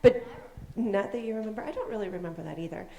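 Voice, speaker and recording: Woman leading children's time in a sanctuary; mellow, animated storyteller, roomy echo. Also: medium pitch, fast talker, vocal fry. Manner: animated, asks questions, acts out voices. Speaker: children's message leader. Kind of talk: children's sermon, storytelling to kids. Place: church sanctuary. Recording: echoey sanctuary.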